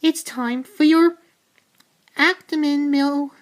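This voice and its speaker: A woman voicing a fussy, doting cartoon mother, shrill and nagging. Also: steady tone, slow pace. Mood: fussing.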